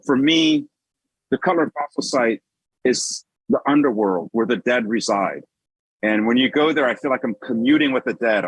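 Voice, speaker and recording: A man with a husky, slightly breathy voice talks through his paintings like a storyteller, wandering into side stories and restarting his sentences as he goes. His voice sits at an ordinary pitch and sounds dry and close, with little room sound. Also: no echo, poor audio. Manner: conversational storyteller, loose digressions and restarts. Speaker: artist presenting his paintings. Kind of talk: illustrated gallery talk with slides.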